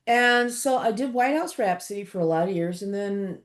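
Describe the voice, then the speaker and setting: A woman in her sixties from Los Angeles, an author chatting as an interview guest, animated and laughing often with many fillers. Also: mid-range voice, moderate pace. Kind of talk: casual interview chat.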